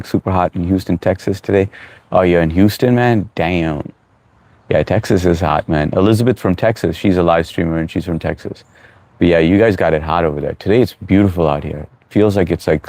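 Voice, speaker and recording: A man hosting a casual live stream, greeting viewers by name, reading their chat comments aloud and giving relaxed, encouraging advice. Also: low-pitched, dry recording.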